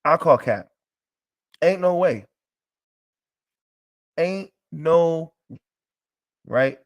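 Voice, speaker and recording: A man's voice: fairly high pitch, lively intonation, very slow. A man teaching a live class in a casual, emphatic, joking way, with frequent restarts.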